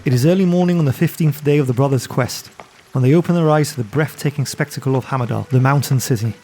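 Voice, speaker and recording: Narrating a gamebook adventure as a podcast co-host, this man has a warm, mid-range voice and a quick pace. He tells it like a story and laughs lightly between sections, with a slight hiss or hum on the audio.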